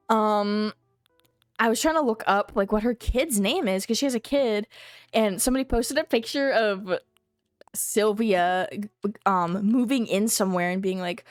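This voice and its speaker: A woman's voice: medium pitch, measured pace, pauses often, no echo, clean studio sound, soft background music. A young woman streaming a video game from home, thinking aloud in a rambling, casual way and humming to herself. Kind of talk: casual live-stream chatter while playing.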